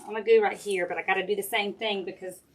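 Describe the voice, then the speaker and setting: A middle-aged woman with a drawl talks folksy and chatty, working with her hands and calling out to viewers as she goes. Her voice sits at an ordinary middle pitch. A faint hiss and a few clicks sit under the recording. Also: steady tone, fast. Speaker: crafting livestream host. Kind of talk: casual craft demo chat with viewers. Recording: faint background noise and clicks.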